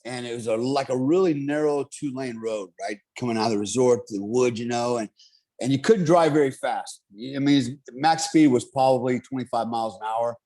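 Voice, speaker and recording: A middle-aged man telling a story in casual chat, animated, swearing and laughing often. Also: mid-range voice, fairly quick.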